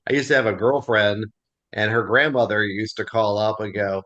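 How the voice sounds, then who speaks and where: A man's voice: on the low side, normal speed, muffled recording. A man with a Southern US accent leading a casual class discussion, telling stories and laughing often. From American South. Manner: animated storyteller, laughs often. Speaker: Bible class teacher.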